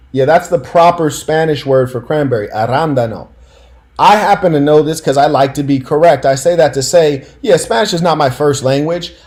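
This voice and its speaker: A man's voice: on the high side, darkish tone. A man hosting a casual commentary stream, telling stories in a slangy, emphatic way and talking straight to his audience.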